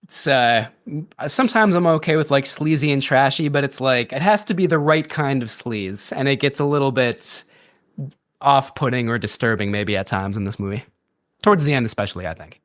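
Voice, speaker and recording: A man's voice: medium pitch, a little fast, dry recording, clean studio sound. Laughing, chatty man on a podcast. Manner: chatty, laughs often, many fillers and restarts. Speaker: podcast co-host. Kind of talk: casual movie review chat.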